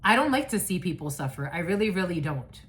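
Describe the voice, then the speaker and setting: A woman's voice: on the low side, big pitch swings, fast talker. A woman giving a casual spiritual reading, blunt and profane, who rambles, restarts and laughs often. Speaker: psychic reader.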